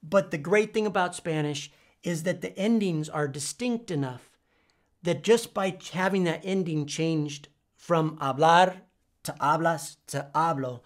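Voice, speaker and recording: A man teaching a Spanish verb lesson, spelling out letters and repeating each form deliberately. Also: on the high side. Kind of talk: whiteboard language lesson.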